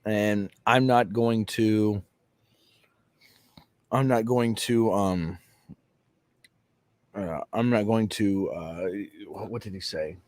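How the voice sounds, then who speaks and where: A man co-hosting a call-in discussion show, laying out his arguments in a measured, argumentative way. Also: lowish voice, steady tone, a little mellow, dry recording. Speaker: co-host. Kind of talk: casual debate chat.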